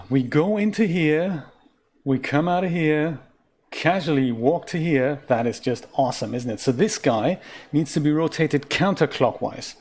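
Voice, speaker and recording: A man's voice: on the high side, animated, unhurried, darkish tone. A man from Germany giving casual let's-play commentary on a puzzle game, chatty and self-mocking, with rambling asides. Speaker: game streamer.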